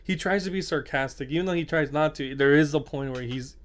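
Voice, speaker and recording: A young man co-hosting a casual game chat, rambling with many halting restarts. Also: a little high. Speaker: podcast co-host.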